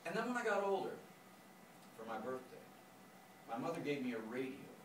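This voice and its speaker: A man tells a story live in a lecture room, with an animated delivery full of sound imitations. His pitch is lively and expressive. The voice comes from a distance through a roomy, echoing space with clear noise in the background. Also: a little fast.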